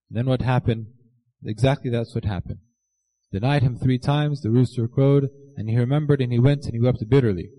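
Mellow-voiced man preaching a sermon. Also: mid-range voice, poor audio. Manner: earnest, slows down to quote scripture.

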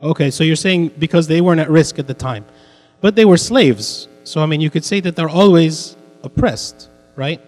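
A man's voice: a little high, moderate pace, a little mellow. Man teaching a Bible class in a reverberant hall. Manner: repetitive, asks the class questions.

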